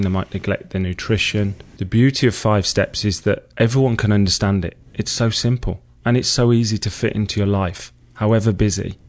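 A man's voice: on the low side, darkish tone. A man in his thirties from England with an English accent, talking enthusiastically and earnestly as a guest in an interview, still a bit out of breath. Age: 30s. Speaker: guest, personal trainer.

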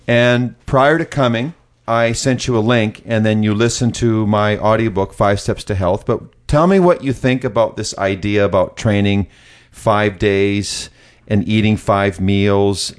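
A man hosting an interview with a lowish voice. He acts as a mentor and draws his guest out with encouraging, leading questions. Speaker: host, mentor.

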